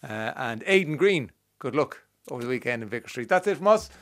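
A man's voice: medium pitch, animated, fairly quick. A man hosting a radio show, laughing easily and stumbling over his words. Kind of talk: radio interview.

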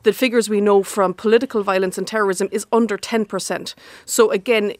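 A woman, a criminology academic explaining calmly in a radio interview. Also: medium pitch, dry recording. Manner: measured, explanatory.

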